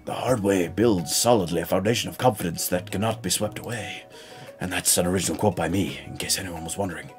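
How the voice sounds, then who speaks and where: A man putting on a hushed deep old mentor. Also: faint music behind, natural voice. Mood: proud. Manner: slow, low murmur.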